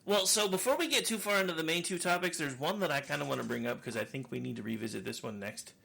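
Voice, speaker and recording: A man's voice: a little high, fast talker, gravelly, pushed and bright. A man co-hosting a casual podcast chat, rambling and joking, laughing often. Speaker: co-host.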